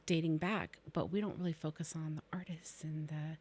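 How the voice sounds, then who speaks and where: A woman's voice: low voice, level tone, moderate pace, a little mellow, breathy edge. A woman co-hosting a podcast in casual chat, mostly listening with short affirmations and adding reflections. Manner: supportive listener, brief affirmations. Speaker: podcast co-host. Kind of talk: casual conversation.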